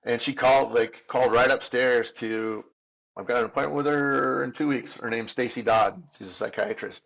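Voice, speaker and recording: A man's voice: medium pitch, steady tone, normal speed, vocal fry, a bit bright, dull audio. A man in his fifties telling his own story as an interview guest, candid and earnest, often restarting and repeating words. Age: 50s. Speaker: podcast guest.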